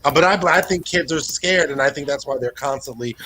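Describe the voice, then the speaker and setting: A male comedian rambling through a profane stand-up set with deadpan absurd asides. His voice is bright and forceful and sits a little high for a man. A faint hiss runs underneath. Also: brisk.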